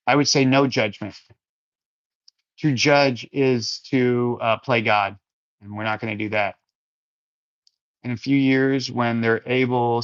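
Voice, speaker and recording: The recording sounds dull and lo-fi as a male host chats casually on a Christian livestream. With a medium pitch and fairly bright tone, he wanders easily through responses to viewer comments, calling listeners his friends and brothers.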